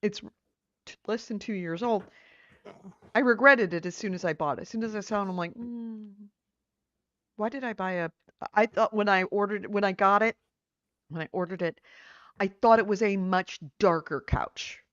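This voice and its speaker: A woman's voice: medium pitch, normal speed, pauses often, dry recording. Tired female co-host, joking chat, slightly dull dry mic. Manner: lively, joking, chatting while eating. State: tired after illness. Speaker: podcast co-host. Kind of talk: casual chat.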